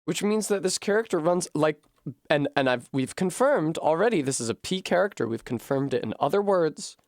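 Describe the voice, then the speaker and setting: A man streaming a game from home, working through a puzzle out loud at a desk microphone with frequent swearing and frustration. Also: fairly high pitch, animated, normal speed, no room sound, clean studio sound. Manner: profane, puzzling aloud, frustrated. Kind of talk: live-streamed gameplay commentary.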